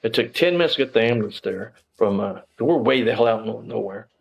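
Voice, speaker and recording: A man's voice: lowish voice, expressive, fast, gravelly, slightly rough, highs cut off. A middle-aged man, telling his story as an interview guest, bluntly and emphatically, with plenty of cursing and fillers. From Texas.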